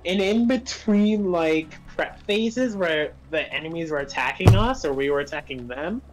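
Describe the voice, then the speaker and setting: A woman gaming on stream, chatting casually and telling an animated story. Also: fairly low pitch, moderate pace, over music, poor audio. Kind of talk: casual chat while gaming.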